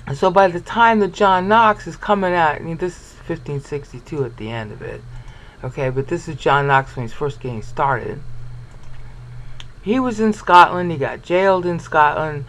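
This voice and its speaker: A man with a voice a little higher than most lectures on scripture in a meandering, explanatory way. He keeps stopping to check that the listener is following, then carries on walking through his points. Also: moderate pace, a bit bright, low-quality recording. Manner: discursive, checks in with "okay?". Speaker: Bible teacher. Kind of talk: explanatory Bible study lecture.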